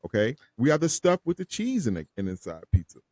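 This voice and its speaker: A man's voice: medium pitch, huge pitch swings, quick pace, darkish tone, no echo. A man, co-hosting a casual podcast chat in a boisterous, teasing way with lots of slang. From Chicago. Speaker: podcast co-host.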